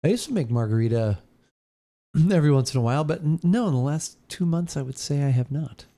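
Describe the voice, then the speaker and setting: A man co-hosting a podcast, giving relaxed, easygoing answers in casual chat. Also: a little high, brisk. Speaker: podcast co-host.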